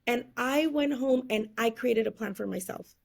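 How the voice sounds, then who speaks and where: A woman's voice: fairly high pitch, normal speed, gravelly. A woman guest telling her life story in an interview, acting out the people she quotes and laughing often. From California, USA.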